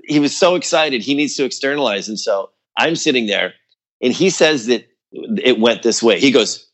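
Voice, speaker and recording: A man telling a story about his old band in casual chat, acting out quotes in a higher voice, with lots of fillers. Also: expressive, moderate pace. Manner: loose and chatty, many fillers like "like" and "you know". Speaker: guest musician.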